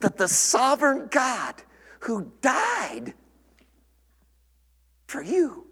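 A man preaching a sermon in a church, animated and shouting at points for emphasis. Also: extremely high pitch, slow, long reverb tail. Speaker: pastor.

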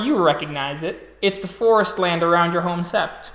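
A man narrating a tabletop game as storyteller, describing scenes slowly and restarting phrases as he goes. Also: sits high, fairly bright tone, reverberant.

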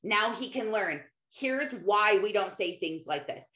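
A woman, a mother, giving an animated, casual faith talk and often acting out quotes. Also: mid-range voice, measured pace. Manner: animated, often acts out quotes, many fillers. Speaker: mother and Christian speaker. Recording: roomy echo.

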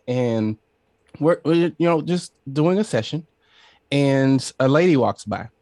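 Middle-aged man, animated storyteller, mid-range voice, dry close studio sound. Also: mid-range voice, slow pace, no room sound. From Southern Illinois, USA. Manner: animated storyteller, laughs often, acts out quoted voices. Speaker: podcast producer, guest. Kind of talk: casual storytelling interview.

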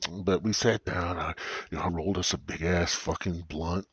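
A man hosting a podcast, telling a profane, meandering comedic story in a husky, stoned drawl. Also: deep voice, steady tone, normal speed, dry recording, dull audio. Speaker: podcast host. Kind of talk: rambling comedic monologue.

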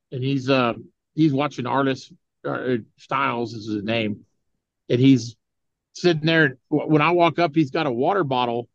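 A man's voice: medium pitch, no echo, muffled recording. A man guesting on a podcast, telling stories in casual chat, swearing a lot, laughing often and filling with "you know". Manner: profane, laughing, heavy use of "you know".

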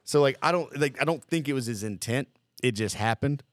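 Speaking fairly quickly in a mid-range voice, a former Marine recruit rambles through boot camp tales on a podcast. He's laid-back and profane, and the recording is dry.

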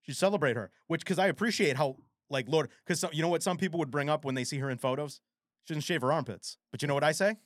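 A man co-hosting a podcast in casual chat, animated and rambling, with frequent swearing. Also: a little high, fast, dry recording, studio quality. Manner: animated, profane, rambling storyteller. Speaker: podcast co-host.

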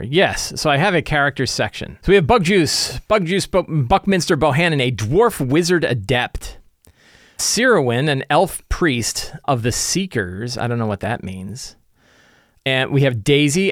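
A man acting as game master, giving an animated, casual recap of his tabletop session full of fillers. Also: medium pitch, measured pace, no room sound, clean studio sound. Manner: animated retelling with many fillers.

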